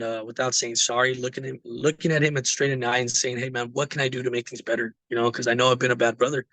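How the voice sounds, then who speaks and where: Fast-talking man with a bright voice. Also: mid-range voice, dry recording. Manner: rambling, fillers like "you know" and "man". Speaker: recovering alcoholic sharing his story. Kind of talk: casual personal testimony.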